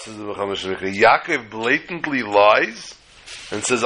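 Bright-voiced man teaching a Torah class. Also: lowish voice, normal speed, slight background noise, poor audio. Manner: animated storytelling, acts out dialogue.

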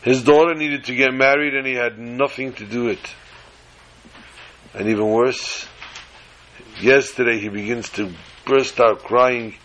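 A man telling a religious story to listeners in a measured, dramatic way. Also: medium pitch, steady tone, a bit bright, rough recording.

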